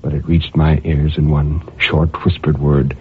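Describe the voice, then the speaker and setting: A man's voice: a bass voice, flat delivery, a little slow, slight background noise. An actor playing a tormented male murderer pacing his prison cell, in an intense dramatic radio monologue that swings from brooding murmurs to anguished cries. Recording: tinny old radio broadcast.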